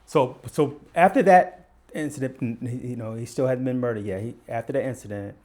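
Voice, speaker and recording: Speaking fairly quickly in a slightly mellow, medium-pitched voice, this retired Baltimore police detective is an older man appearing as a guest. He's a vivid conversational storyteller who performs the quoted dialogue of the people in his tales.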